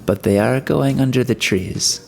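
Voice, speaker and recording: A man's voice: medium pitch, unhurried, creaky, darkish tone, voice pushed up. A man voicing a timid young woman in a storybook reading, pleading in manner.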